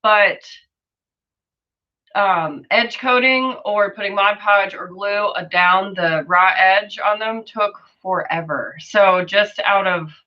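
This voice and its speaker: A woman's voice: mid-range voice, slow pace, muffled recording. A woman hosting a sewing livestream, chatting casually and reading viewer comments aloud as she works.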